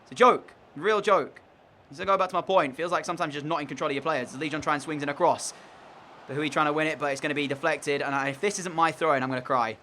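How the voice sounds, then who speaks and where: A man's voice: on the high side, steady tone, fast talker, pushed and bright, slight background noise. A young man commentating on his own video game match in an exasperated, sarcastic way. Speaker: gaming commentator.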